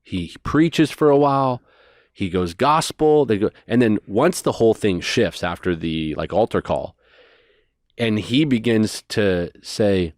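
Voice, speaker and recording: Animated man telling a story. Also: fairly low pitch, dry recording, studio quality. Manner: animated, fast bursts of detail. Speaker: guest. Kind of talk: storytelling in a conversation.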